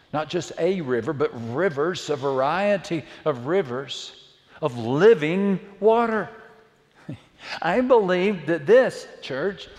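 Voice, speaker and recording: A man preaching a sermon to a church, dramatic, swinging from hushed words to loud calls. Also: fairly high pitch. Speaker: pastor. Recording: long reverb of a church hall.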